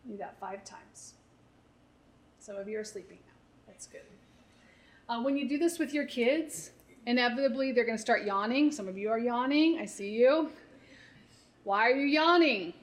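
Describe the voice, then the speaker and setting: A woman's voice: on the high side, moderate pace. A woman therapist leading a parent workshop, coaching in a conversational way and often checking in with "right?". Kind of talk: live workshop talk.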